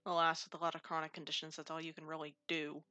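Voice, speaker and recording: A woman's voice: sits low, completely flat delivery, fast talker, sharp tone, no room sound, soft background music. A woman hosting a casual voice chat on her gaming stream, teasing her friends and swearing freely.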